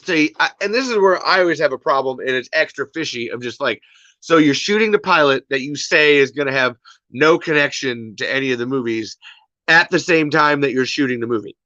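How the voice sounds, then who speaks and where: A man rants casually on a livestream, exasperated and rambling, going back over the same points. His voice has a bright, forward edge. The recording is dry and a little dull, like a home mic. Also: medium pitch, fairly quick, no echo. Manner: exasperated, rambling, repeats himself. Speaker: podcast host.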